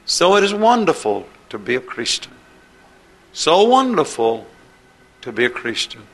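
A man's voice: on the high side, sing-song, measured pace, creaky, a bit bright. A man preaching a sermon with an impassioned, rising and falling cadence.

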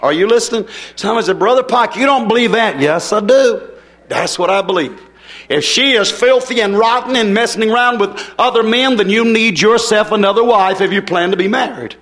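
A man preaching a fiery sermon, folksy and emphatic, swinging between soft asides and forceful declarations. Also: high voice, a little fast.

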